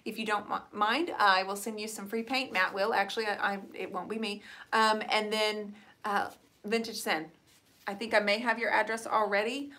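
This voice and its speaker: A woman's voice: mid-range voice, fairly even intonation, normal speed, sharp tone. A middle-aged woman hosting a live painting stream, chatting casually and answering viewers. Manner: chatty, rambling, reads out viewer comments. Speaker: host of a live painting show.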